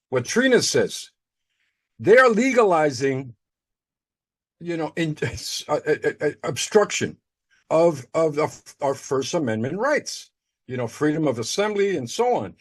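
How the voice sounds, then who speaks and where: A man in a group call discussion, rambling and restarting his words. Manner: rambling, repeats words, lively pitch.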